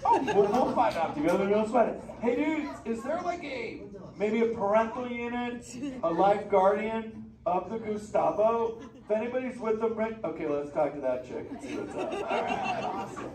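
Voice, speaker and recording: A man voicing a laid-back, excitable young male sea turtle who talks in surfer-dude slang and banters with the audience. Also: high-pitched, moderate pace, a crowd in the background. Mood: teasing. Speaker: live show character talking with the audience. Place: theater with a live audience. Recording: echoey theater from far off, noisy.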